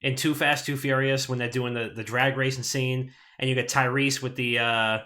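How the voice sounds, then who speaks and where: Animated, swearing male podcast host. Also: medium pitch, normal speed. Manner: animated, swearing, rambling storyteller. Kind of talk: casual podcast chat.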